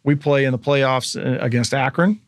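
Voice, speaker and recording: A man's voice: medium pitch, normal speed, no room sound, clean studio sound. A man in his thirties, a former pro athlete as podcast guest, telling a long story casually and acting out the people he quotes.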